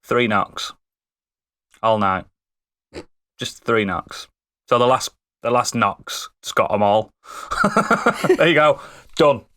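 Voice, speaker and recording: Playful guy hosting a podcast, bright voice, real lively delivery. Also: medium pitch, slow pace, pauses often, no echo, clean studio sound. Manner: playful, theatrical introductions. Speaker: podcast host. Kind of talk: casual podcast chat.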